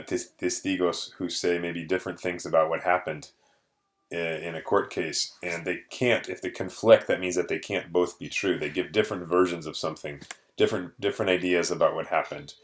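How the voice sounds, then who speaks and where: A man's voice: deep voice, normal speed. A man teaching a vocabulary lesson, explaining patiently with restarts and short Spanish glosses.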